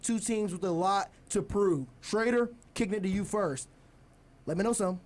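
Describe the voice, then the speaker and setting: A young man with a fairly high voice hosts a college sports radio segment. He talks in an energetic, casual way, stalling for time and laughing as he runs the conversation. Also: moderate pace. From United States.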